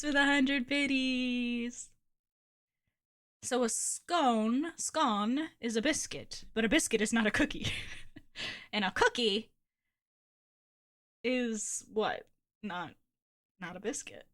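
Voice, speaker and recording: Woman streamer from Ohio, casual gaming chat, giggly and foul-mouthed, a touch high-voiced. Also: pushed and bright. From Ohio, USA. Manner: giggly, chatty, swears casually.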